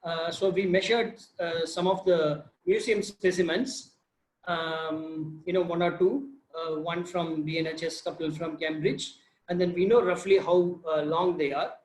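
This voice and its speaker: High-voiced Indian man on a video call. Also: a little slow, slight background noise. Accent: Indian English. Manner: animated storytelling, quizzes listeners. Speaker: field biologist sharing research. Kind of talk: informal talk on a video session. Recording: roomy echo.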